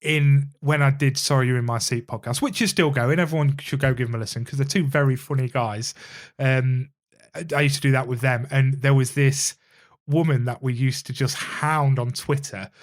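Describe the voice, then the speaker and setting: A man co-hosting a relaxed podcast, chatty and teasing as he tells a story. His voice sits at a middle pitch for a man, with loose, informal delivery. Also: moderate pace. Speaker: podcast co-host. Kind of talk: casual chat.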